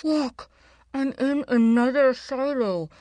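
Brief: a woman doing a desperate radio caller, high and urgent, slow pleading delivery, dry sound. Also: mellow, no room sound. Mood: anxious. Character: Juliet, desperate woman calling over a radio from afar.

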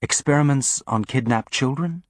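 A calm, steady spaceship engineer woman, as a male audiobook reader puts her on, pitched somewhat above his own voice. She talks in a measured, gently firm way, and the reading is close and dry. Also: no echo, close to an everyday voice.

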